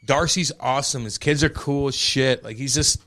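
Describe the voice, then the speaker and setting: A man's voice: medium pitch, moderate pace. A young man with a St. co-hosting a podcast, swearing freely and telling stories with lots of energy. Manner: profane, animated storytelling. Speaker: podcast co-host. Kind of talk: casual chat.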